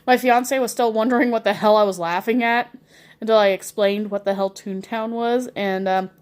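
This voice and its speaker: A woman's voice: mid-range voice, fairly even intonation, moderate pace. A woman around forty telling funny stories in a casual, rambling way, with many fillers and laughter. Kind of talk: casual anecdotal storytelling.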